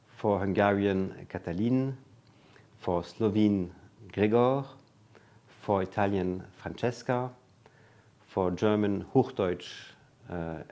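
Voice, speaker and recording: A man hosts his own video channel in a deep, low voice. He speaks slowly and with measure, pausing and filling gaps with "uh" as he runs through a list of names. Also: a little mellow. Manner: measured, listing names one by one with pauses and fillers. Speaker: channel host. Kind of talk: video introduction to a best-of.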